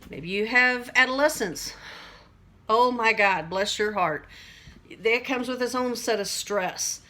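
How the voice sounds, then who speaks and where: A woman's voice: on the high side, slow, pushed and bright. A middle-aged woman talking to camera in a casual, rambling way about everyday stress, acting out little voices and laughing at herself. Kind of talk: casual teaching monologue to camera.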